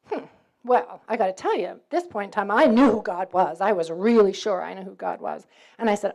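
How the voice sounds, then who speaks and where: A middle-aged woman from New York, with a faded New York accent, telling a personal faith story to students in a lively way, acting out dialogue and laughing often. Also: mid-range voice, a little fast, creaky. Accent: New York, mostly faded. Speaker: campus speaker.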